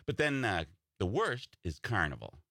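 A man's voice: on the low side, normal speed, gravelly, no echo, studio quality. A man from Wisconsin with a Wisconsin accent, a stand-up comic guest telling stories in a casual interview. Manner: animated storyteller, slips into voices for quoted people. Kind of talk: casual radio interview chat.

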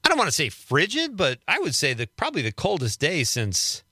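A man's voice: on the high side, wildly swooping pitch, a little fast, bright, forceful tone, slightly rough, no echo. A man hosting a radio show in a studio, chatting casually and joking at his own expense. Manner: chatty and self-deprecating. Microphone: studio microphone.

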